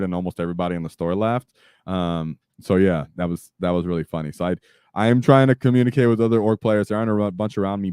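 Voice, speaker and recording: Man, deep voice, casual livestream host, animated, dry close sound. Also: smooth, dry recording. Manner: animated, laughs and shouts, many fillers. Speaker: streamer host.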